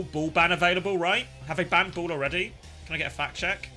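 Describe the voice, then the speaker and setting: A man casting live esports, shifting between excitable play-by-play and chatty analysis full of fillers. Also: sits high, fast, soft background music. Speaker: esports caster.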